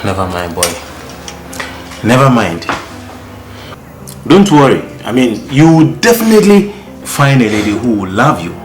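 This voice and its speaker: Guy doing a laid-back dad calming his son down, animated voice, echoey room with music behind. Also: medium pitch, a little slow, long pauses. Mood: reassuring. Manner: soothing, repeats himself, teasing. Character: easygoing middle-aged father, joking about women. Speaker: father consoling his son. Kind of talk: Ghanaian movie acting.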